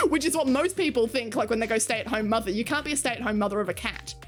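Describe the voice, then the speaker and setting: A woman's voice: fairly high pitch, lively intonation, fast talker, soft background music. A woman streaming, chatting with her viewers in a casual way, laughing often and swearing casually. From Australia. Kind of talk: casual chat reading stream chat.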